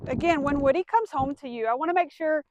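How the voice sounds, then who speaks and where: A woman's voice: high voice, quick pace, background noise. A woman dog trainer explaining commands step by step, giving firm cues to a dog. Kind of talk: instructional demonstration.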